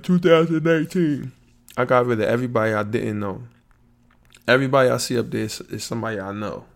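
A man hosting his own podcast alone, rambling in a relaxed, slangy way and thinking out loud. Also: medium pitch, creaky. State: yawning, a bit sleepy. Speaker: podcast host. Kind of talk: casual solo podcast monologue.

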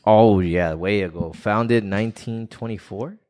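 A man's voice: on the low side, measured pace, darkish tone. A man co-hosting a podcast in casual chat, laid-back, trailing off and swearing casually. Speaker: podcast co-host.

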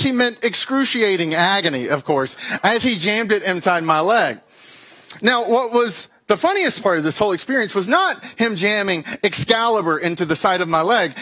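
Young guy telling a funny story, lots of acted-out voices, high and bright. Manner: animated, jokey storytelling with acted-out dialogue and sound effects. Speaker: speaker giving a weekly message. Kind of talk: storytelling talk.

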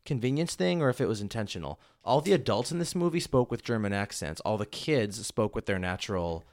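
A young man in a casual movie chat, lively and questioning. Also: fairly low pitch, fairly quick. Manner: lively, questioning, laughs easily. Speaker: podcast co-host.

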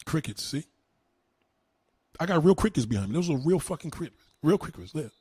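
A man ranting on a livestream, answering his chat in a loud, combative, mocking way. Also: a little high, sing-song, a little fast, husky, no room sound. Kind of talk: live-stream rant.

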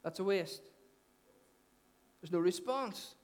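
A man's voice: high-pitched, lively intonation, takes it slowly. A man preaching a sermon as pastor, conversational, repeating phrases and asking the congregation questions. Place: church hall. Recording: long church hall reverb.

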